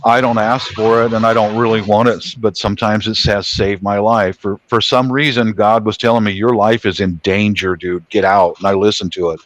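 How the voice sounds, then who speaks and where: A man on a talk panel telling a personal story in casual chat, retelling events with animated energy. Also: on the low side, fairly quick, few pauses.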